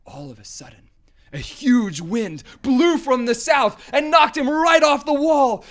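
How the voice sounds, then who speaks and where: Male storyteller, high-pitched and animated; loud bursts and hushes, vocal sound effects, dry close sound. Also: dry recording. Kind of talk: folk tale storytelling.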